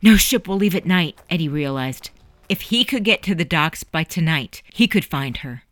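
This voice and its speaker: A woman hosting and narrating a historical story podcast in a measured, earnest scripted style, close to the mic. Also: sits low, expressive, no room sound.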